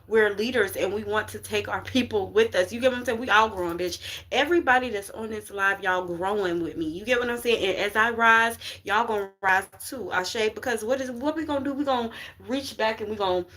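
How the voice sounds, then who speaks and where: A woman's voice: medium pitch, fairly quick, fairly bright tone. Woman spiritual reader, casual live stream, call-and-response preaching, uplifting slang. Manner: call-and-response, repeats "you get what I'm saying". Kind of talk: casual livestream tarot reading.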